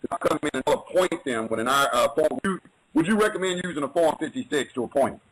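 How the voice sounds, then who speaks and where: A man's voice: on the high side, lively intonation, fast talker, noisy background. A man asking a hesitant, casual question.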